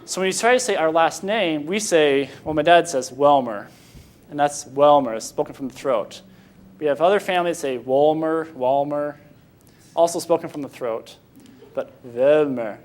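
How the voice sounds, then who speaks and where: A young American man from Michigan giving an informal Sunday school talk, halting and often restarting his sentences before taking questions. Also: fairly high pitch. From Michigan, USA.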